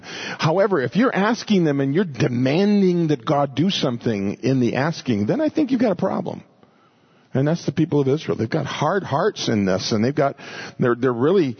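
A man's voice: a little high, husky, dull audio. A man preaching a sermon, teaching through a passage, restarting phrases and acting out the quoted speakers. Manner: animated, repeats words, voices quoted people.

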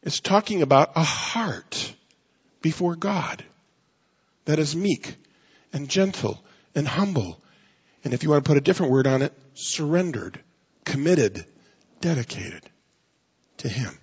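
Pastor, male, husky higher voice, earnest sermon, dull recording with long reverb. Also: expressive. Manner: earnest, emphatic, slows down to stress key phrases.

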